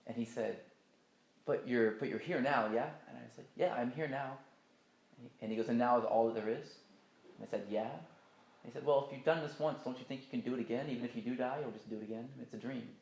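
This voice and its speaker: A man's voice: mid-range voice, fast talker, gravelly, darkish tone, reverberant, slight background noise. A man telling a personal story in a casual, rambling and emphatic way, swearing often.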